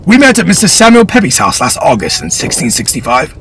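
A man doing a formal gentleman sailor. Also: on the high side, wildly swooping pitch, brisk, slight background noise, voice pushed up. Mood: courteous. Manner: polite, formal. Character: proud middle-aged gentleman sailor and father.

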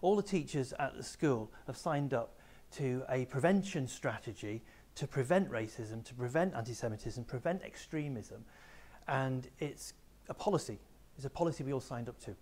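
A man's voice: medium pitch, animated, normal speed, a little mellow. A man, a teacher giving a school assembly talk, explaining ideas plainly and speaking directly to pupils. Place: school room with a small live audience.

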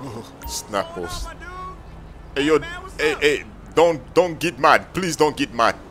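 A man's voice: medium pitch, lively intonation, slow, music in the background. A man hosting a game role-play video, talking in frantic, slangy banter. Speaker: gaming video host.

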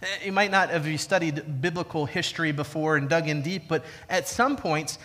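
A man preaching a sermon as pastor, emphatic and repeating key lines slowly for weight. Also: on the high side, a bit bright. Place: church sanctuary. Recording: church hall with long reverb.

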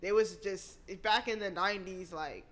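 Young woman rapper chatting on a podcast, slangy and cussing a lot, laughs all the time, mid-pitched voice. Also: normal speed. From United States. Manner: slangy, profane, laughing often. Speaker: rapper guest. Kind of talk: casual podcast chat.

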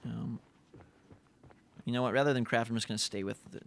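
A young man giving chatty, excitable live commentary while playing a multiplayer game. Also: mid-range voice, brisk, gravelly, noisy background. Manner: excitable, chatty, reacts loudly to the action. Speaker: gaming YouTuber.

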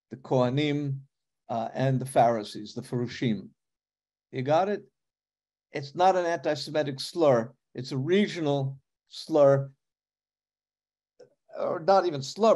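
Middle-aged new york guy preaching, chatty, lots of ums, kinda high but mellow voice. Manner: conversational, asks the congregation questions, many fillers. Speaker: pastor. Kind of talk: sermon teaching.

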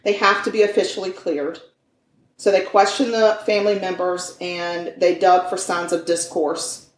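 A woman's voice: fairly low pitch, little pitch movement, normal speed, recorded from a distance. A woman co-hosting a podcast, telling a true-crime case in a chatty, folksy way and stumbling over foreign names. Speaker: podcast co-host. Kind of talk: casual true-crime storytelling. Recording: echoey room.

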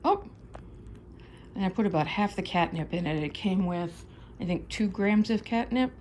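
A woman's voice: medium pitch, expressive, normal speed, a little mellow, a little hiss or hum. A woman filming her cat at home, cooing and giggling in doting baby talk. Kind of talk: casual home video chat.

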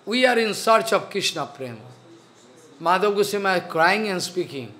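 A man giving a spiritual sermon, slow and earnest, repeating his phrases. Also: high voice, big pitch swings, bright, forceful tone. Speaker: spiritual teacher.

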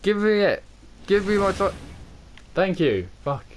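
A man chatting casually while playing an online game with friends, excitable and swearing often as he explains the rules. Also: high voice, unhurried, slight background noise. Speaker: gaming channel host. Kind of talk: casual gaming chat with friends.

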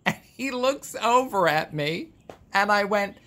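A man's voice: high-pitched, animated, moderate pace, bright, forceful tone. A man hosting a casual vlog, telling a story in a theatrical, gushing, camp way and drawing out words. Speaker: vlog host. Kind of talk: casual chat monologue.

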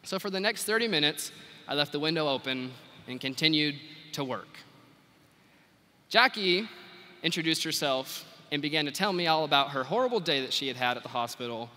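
A young man with a bright, forceful voice tells a story to a big crowd. His pitch swings widely as he goes, animated and expressive. The sound rings with the long reverb of a big hall. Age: young adult. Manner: animated, quotes people in acted voices. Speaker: FFA national officer giving retiring address. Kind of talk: storytelling keynote speech. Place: large convention arena.

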